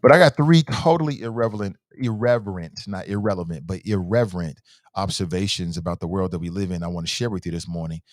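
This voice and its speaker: A man's voice: deep voice, quick pace, no room sound, clean studio sound. A middle-aged man hosting a casual morning talk show, rambling along and repeating phrases for emphasis. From Cincinnati. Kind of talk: casual live-stream talk.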